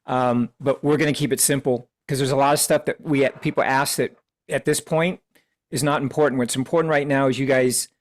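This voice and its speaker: A man's voice: medium pitch, steady tone, brisk. A man co-leading a sales team meeting on a video call, giving an earnest, preachy pep talk with frequent restarts.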